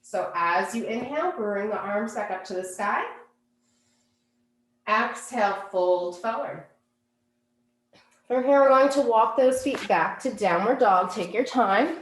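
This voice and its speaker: A woman teaching a yoga class, giving calm, unhurried cues for poses and breathing. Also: a little high, echoey room. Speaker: yoga instructor. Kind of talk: guided yoga class instruction.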